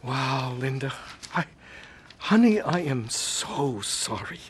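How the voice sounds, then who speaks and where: An actor playing a gentle, supportive husband who speaks softly to his wife. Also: medium pitch, very animated, slow, a little hiss or hum. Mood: caring. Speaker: the narrator's husband.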